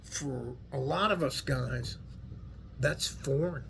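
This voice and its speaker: Gravelly folksy Texan man rambling earnestly. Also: mid-range voice, slow pace, fairly bright tone, a little hiss or hum. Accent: West Texas. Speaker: vlogger. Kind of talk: casual heartfelt monologue to viewers.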